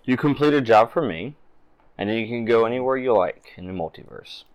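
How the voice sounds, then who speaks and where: A man voicing a calm, composed businesswoman who is questioning a prisoner in a tabletop game. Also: medium pitch, fairly quick, dull audio, lightly acted. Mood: cool, probing.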